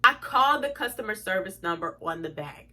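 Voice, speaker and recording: A young woman telling an exasperated storytime to her viewers, animated and swearing freely. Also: medium pitch, a little fast. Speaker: vlogger. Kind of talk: storytime vlog.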